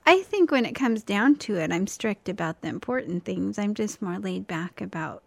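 Creaky-voiced easygoing woman chatting. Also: mid-range voice, animated, normal speed. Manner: easygoing, laughs often. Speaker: podcast co-host. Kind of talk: casual chat. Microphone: studio mic.

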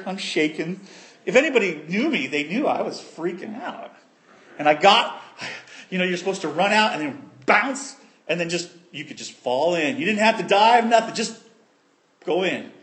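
A male preacher delivers a sermon in a high, lively voice. He tells a story in an animated way, acting out voices and sound effects. His pitch swings widely as he talks. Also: normal speed. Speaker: pastor.

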